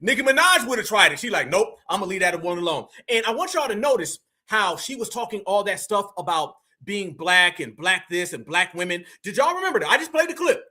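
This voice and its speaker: A man's voice: sits high, big pitch swings, fairly quick, few pauses, bright, forceful tone. A man giving opinionated commentary to his viewers, emphatic and full of slang, often calling them fam and y'all. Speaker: online commentator.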